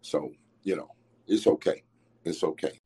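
A middle-aged man, recalling his late father in an interview, halting and restarting often as he talks fondly. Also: extremely low pitch, dark tone, slightly rough. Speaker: interviewee, son of the former coach. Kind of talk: reflective interview recollection.

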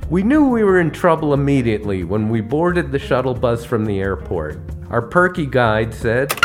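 A man spins comic travel stories for his podcast, landing each punchline wryly. His pitch is middling but moves a lot, rising and dropping as the jokes build. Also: very animated, normal speed, over loud music. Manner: wry, punchline-driven delivery. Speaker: podcast host. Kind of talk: comedic travel storytelling.

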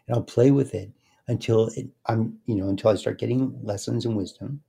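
Low husky dude talking slow n calm on a podcast, drifts into soft chanting. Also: male voice. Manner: slow, meditative, softens into quiet repeated chanting. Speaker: guest, speaker and success coach. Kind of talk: casual interview talk.

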